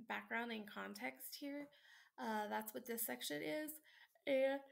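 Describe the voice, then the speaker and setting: A woman's voice: medium pitch, creaky, a bit bright. A tired woman instructor, talking late at night at home, walks students through a sample paper in a casual, chatty way with many ums and likes. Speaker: college instructor. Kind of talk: screen-recorded lesson walkthrough.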